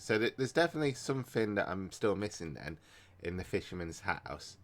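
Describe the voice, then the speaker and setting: A man's voice: sits low, big pitch swings, a little fast, hardly any pauses. A man casually commenting on a game he is playing, thinking aloud in a hesitant, rambling way, groggy from a nap and bothered by hiccups and burps. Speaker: gaming YouTuber. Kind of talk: casual let's-play commentary. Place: at home, recording without a camera.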